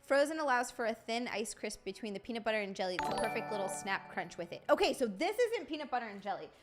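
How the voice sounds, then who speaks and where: A woman's voice: fairly high pitch, big pitch swings, quick pace, loud music behind the voice. A young woman chatting casually on a live stream, swearing freely and greeting viewers by name.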